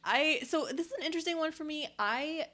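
A young woman co-hosting a casual music podcast, animated and laughing often, swearing now and then. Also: high-pitched, a little fast. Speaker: podcast co-host. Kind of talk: casual chat about music.

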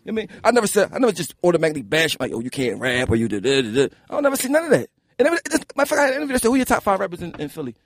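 Husky fast-talking Philly rapper, a man. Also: high-pitched, no room sound, clean studio sound. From Philadelphia. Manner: animated, profane, keeps asking "you know what I'm saying". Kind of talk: casual interview storytelling.

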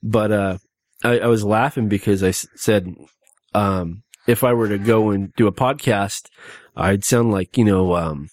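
Rambling low-voiced podcast host man. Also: a little slow, a little mellow, dry recording. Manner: rambling, with many fillers and restarts. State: speaking after having two back teeth pulled. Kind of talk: casual podcast chat.

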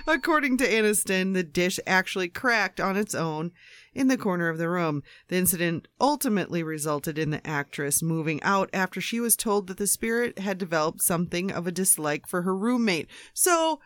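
A woman's voice: fairly low pitch, lively intonation, normal speed, dry recording. Female co-host, giggly, reads stories, dry close sound. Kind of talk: casual chat.

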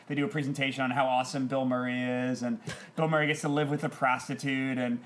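A man's voice: mid-range voice, little pitch movement, fast talker, a bit bright. A man, a podcast guest in casual chat, giving a blunt, opinionated movie review.

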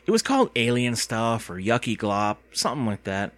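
A man's voice: mid-range voice, big pitch swings, a little slow, no echo. A man reading aloud and voicing a dry, unimpressed young boy in a storybook.

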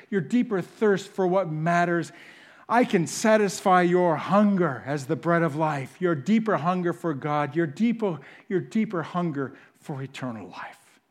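A man preaching a sermon, swinging between loud emphatic bursts and hushed, intimate asides. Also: a little high. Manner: animated, rises loud for emphasis then drops to hushed. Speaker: pastor. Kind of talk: sermon teaching.

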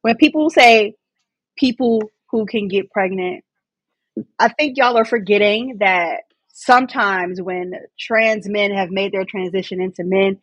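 Emphatic husky woman, dry sound. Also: mid-range voice, unhurried, no room sound. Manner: exasperated, emphatic. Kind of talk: casual chat.

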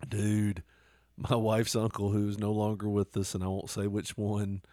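A man's voice: fairly low pitch, monotone, unhurried, mellow, no echo, studio quality. A married man co-hosting a podcast, teasing and giggling often in casual banter. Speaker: podcast co-host.

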